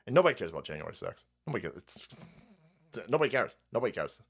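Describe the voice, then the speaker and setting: Heated, swearing man with a lively pitch. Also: racing, breathy edge. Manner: heated, repetitive, mocking. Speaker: stream host. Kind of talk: profane political rant.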